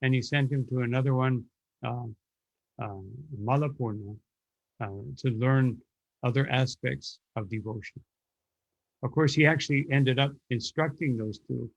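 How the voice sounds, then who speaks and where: A man's voice: mid-range voice, measured pace, dry recording. A man teaching a spiritual lecture, moving through devotional stories and quoting their characters. He talks with many fillers and restarts. The recording is close and dry, with a dull, lo-fi sound. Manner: tells stories with acted quotes, frequent fillers and restarts.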